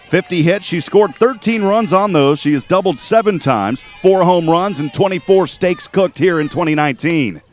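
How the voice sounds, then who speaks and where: A man calling a college softball game play by play, chatty and quick with statistics, joking with his co-host. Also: high-pitched, faint music behind. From Texas. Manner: chatty, rattles off stats, jokes with co-host. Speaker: play-by-play announcer. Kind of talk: sports play-by-play commentary. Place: outdoor softball field.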